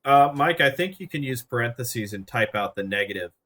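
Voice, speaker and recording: A man in his thirties running a tabletop game as game master, talking in a relaxed, jokey way with plenty of fillers. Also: mid-range voice, fairly quick.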